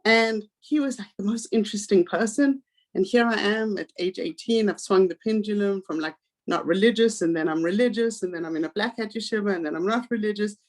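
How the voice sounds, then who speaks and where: South African woman in her forties, guest speaker, lively personal storyteller, mid-pitched voice. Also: a little fast. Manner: animated, acts out quoted voices.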